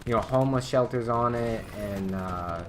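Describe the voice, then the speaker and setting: Brief: young male streamer, mid-pitch, casual and meandering, stumbles and restarts often. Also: normal speed, slight background noise. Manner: rambling, filler-heavy, lots of restarts. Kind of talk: casual storytelling while gaming.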